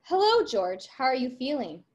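A woman reading aloud the lines of a gentle, caring mother of a grown family. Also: sits high, very animated, moderate pace.

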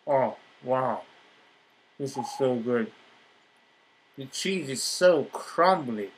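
A man eating on camera in a casual vlog, excited about his food, talking with his mouth full between lots of appreciative mm sounds. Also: medium pitch, very slow, a little hiss or hum. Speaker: vlogger.

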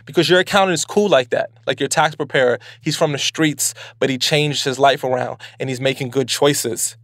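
A man from Brooklyn hosting a podcast, giving casual advice in an animated, playful way full of slang. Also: medium pitch, moderate pace, no echo. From Brooklyn, New York. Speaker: podcast host.

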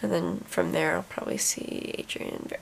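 Young female vlogger, lively pitch, heavy fry, loose chatty rambling. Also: normal speed. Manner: rambling, many fillers and restarts. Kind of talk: casual morning vlog chat. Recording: faint hiss.

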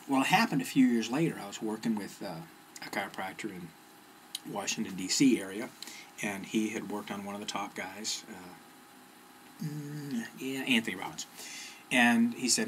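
Middle-aged male speaker, low-pitched, casual and meandering, slight background hiss. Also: normal speed, a bit bright, rough recording. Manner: rambling, self-interrupting, with fillers and restarts. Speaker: personal development speaker. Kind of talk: casual storytelling monologue. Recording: faint background noise.

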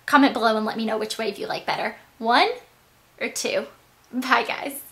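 A teenage girl chatting to her viewers in a bubbly, rambling vlog, her voice a bit hoarse. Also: fairly high pitch, moderate pace, sharp tone, a little hiss or hum. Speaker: vlogger. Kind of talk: casual chat to camera.

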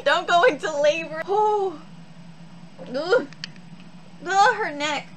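High-voiced jumpy woman gamer. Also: slow, pauses often, very noisy. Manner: jumpy, exclaiming, talks to herself. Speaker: gaming streamer. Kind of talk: live horror game reactions. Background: game music.

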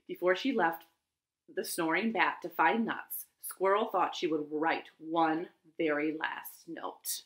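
A woman hosting a children's storytime, reading aloud slowly and expressively from her living room. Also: low voice. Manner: animated, slow and expressive.

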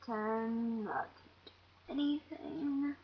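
A young woman narrates her own gameplay in a slow, higher-pitched voice, jumpy and excitable, talking to herself as she goes. She sounds shaky and close to tears. The home recording is dull and lo-fi, with a faint hiss underneath. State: shaky and teary. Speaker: gamer. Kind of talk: let's play commentary.

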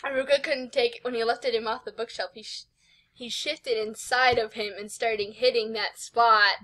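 A woman's voice: fairly high pitch, steady tone, moderate pace, sharp tone, low-quality recording. Giggly young woman reading a fanfic. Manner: giggly, exclaims and swears often. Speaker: host reading a fanfic aloud. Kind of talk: casual comic read-along.

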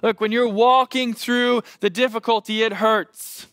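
A man in his thirties, a pastor preaching a sermon and telling a lively family story with self-deprecating humor. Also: very high voice, unhurried, no room sound, studio quality.

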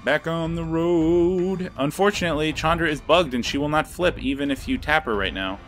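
A man's voice: a little high, animated, fast talker, a bit bright. A young man commenting on his own card game as he plays, often swearing and ranting in frustration. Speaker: gameplay video creator. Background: faint background music.

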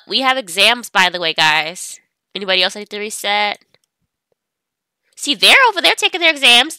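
A woman's voice: on the high side, sharp tone, no room sound, studio quality. A young woman chatting casually as she plays a life-sim game, talking to her characters. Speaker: gameplay streamer. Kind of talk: casual gameplay commentary.

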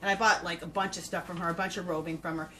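Speaking fast in a pushed, bright, somewhat low voice with fairly even intonation, this fiber-craft podcast host chats casually to her viewers. The recording is low quality with slight background noise, and her show-and-tell talk is gushing, enthusiastic, and full of ums and fillers.

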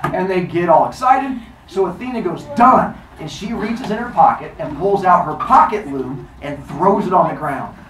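A male teacher telling a myth to his class in an animated, theatrical way, recorded in a classroom. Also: sits high, normal speed, hardly any pauses, echoey room, far from the mic, slight background noise, poor audio. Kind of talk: storytelling lesson.

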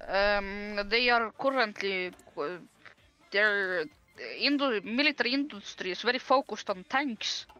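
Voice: medium pitch, measured pace, bright, forceful tone, soft background music. A player in a strategy game speaking hesitantly, with many fillers. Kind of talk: casual gaming chat.

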